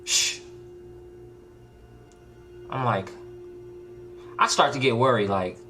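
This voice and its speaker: A young man casually telling a true story, laid-back and slangy, rising into a higher voice when he acts out his own panic. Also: measured pace, pushed and bright, soft background music. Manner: laid-back slangy talk with many likes and restarts.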